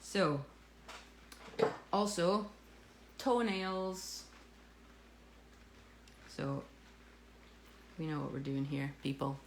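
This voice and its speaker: A woman's voice: low voice, very slow, pauses often, a little hiss or hum. A woman teaching cake decorating in a live tutorial, chatty, jokey and self-mocking as she works. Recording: echoey room with faint ambience.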